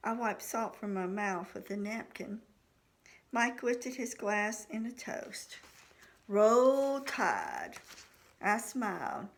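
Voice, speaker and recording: A woman with a medium-pitched voice and big pitch swings reads slowly from her own novel as audiobook narration. The book is in the first person, and she voices each character's dialogue.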